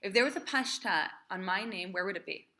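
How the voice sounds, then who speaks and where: Bright-voiced woman cantor teaching a class. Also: mid-range voice, a little fast. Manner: lively, emphatic, chanting trope names. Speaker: cantor teaching Torah reading.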